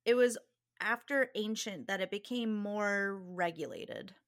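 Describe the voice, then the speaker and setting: A young woman co-hosting a podcast in casual chat, an animated storyteller who laughs often. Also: mid-range voice, measured pace. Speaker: podcast co-host.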